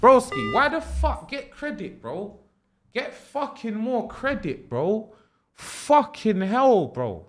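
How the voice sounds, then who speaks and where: A young man giving excitable, swearing, joking commentary while streaming a horror game. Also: high voice, slow, soft background music. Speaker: gaming streamer. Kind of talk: horror let's-play commentary.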